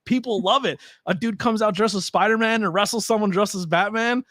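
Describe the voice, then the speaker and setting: Brief: slightly high-voiced male podcast guest, dry close sound, rambling and enthusiastic. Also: brisk, fairly bright tone, dry recording. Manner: rambling, enthusiastic, lots of restarts. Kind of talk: casual chat.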